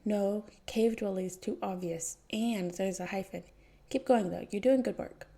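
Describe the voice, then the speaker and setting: A woman's voice: mid-range voice, moderate pace, vocal fry, dark tone, husky. A woman voicing a manic, cheerful male mercenary antihero who rambles gleefully. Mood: cheerful coaching. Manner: giddy, rambling, gleefully unhinged.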